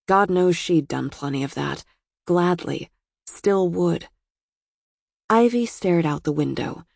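A woman reading an audiobook as narrator, in an even, steady manner. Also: fairly low pitch, vocal fry, husky, dry recording, clean studio sound. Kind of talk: scripted narration.

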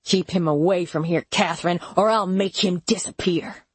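A woman's voice: on the low side, steady tone, moderate pace, breathy edge, no echo. A woman voicing a threatening, angry man who growls warnings in an audiobook. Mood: menacing.

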